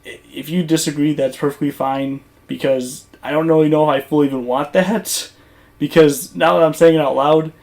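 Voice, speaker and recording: Guy rambling on about a game over gameplay, kinda high voice, lots of likes and you knows. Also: fairly even intonation, normal speed, gravelly, darkish tone. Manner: rambling, conversational, many fillers and restarts. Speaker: gaming YouTuber. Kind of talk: casual commentary over gameplay footage.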